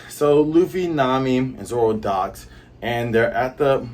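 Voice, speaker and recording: A man's voice: mid-range voice, animated, measured pace, darkish tone, a little hiss or hum. A man casually recapping a comic chapter in a rambling, chatty way with many fillers. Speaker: comic reviewer.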